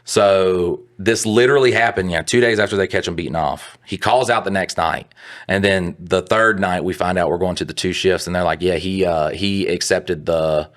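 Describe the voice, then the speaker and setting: Deep-voiced man telling profane stories. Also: normal speed. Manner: profane, rambling anecdotes. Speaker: podcast co-host. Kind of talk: casual storytelling.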